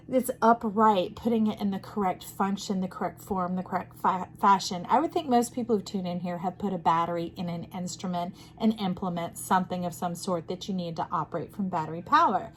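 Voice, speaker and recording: A woman's voice: on the low side, brisk, a little hiss or hum. A woman giving an intuitive tarot reading, talking in a playful, rambling, spiritual way. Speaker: tarot reader.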